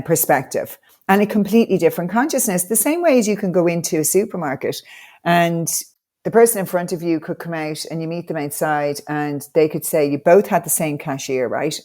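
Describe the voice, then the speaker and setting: Low-voiced woman, motivational. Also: dark tone. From Ireland. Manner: enthusiastic, motivational storytelling. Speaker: podcast guest, life coach. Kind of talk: conversational podcast interview.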